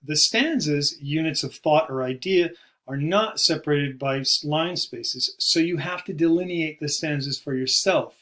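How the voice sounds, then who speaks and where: A man giving a recorded poetry lesson, explaining terms in a measured way and slowing down to stress key words. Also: on the high side, a bit bright. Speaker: poetry teacher. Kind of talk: recorded video lecture.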